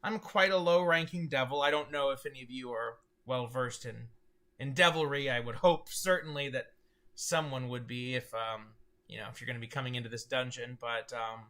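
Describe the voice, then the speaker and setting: A man voicing a smug, low-ranking male devil guard who rambles and bargains in a tabletop game. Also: normal speed, pushed and bright, natural voice. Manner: drawling, chatty, rambling. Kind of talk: tabletop game role-play.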